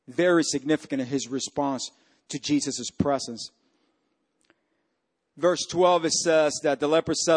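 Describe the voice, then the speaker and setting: A man preaching a sermon as pastor, swinging from loud, rising peaks to hushed, quiet lines. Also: fairly high pitch, steady tone, unhurried, long pauses.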